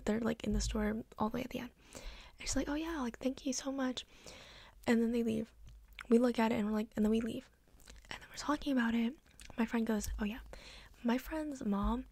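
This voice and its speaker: A young woman with a breathy, half-whispered voice, rambling chattily through a soft-spoken ASMR story with lots of "like". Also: fairly high pitch, no room sound. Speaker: ASMR creator.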